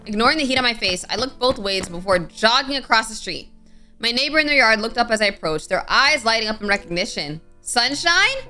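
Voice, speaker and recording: A young woman reads a game story aloud in a crisp, bright voice. She narrates with dramatic flair and breaks off into quick, playful asides. Faint music plays softly behind her. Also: on the high side. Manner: expressive, with sudden playful outbursts. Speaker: streamer reading a game aloud. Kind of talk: dramatic reading with casual asides.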